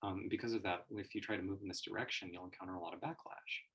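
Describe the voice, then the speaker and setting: A man's voice: sits low, steady tone, fast talker, a bit bright, slightly rough. A man giving a reflective livestream monologue as a personal growth teacher, searching for words and laughing often.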